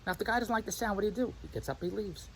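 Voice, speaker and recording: Brisk animated male vlogger, rapid ranting delivery, faint noise behind. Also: sits high, creaky, rough recording. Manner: animated, repetitive, mimics others' voices. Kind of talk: rambling self-recorded monologue.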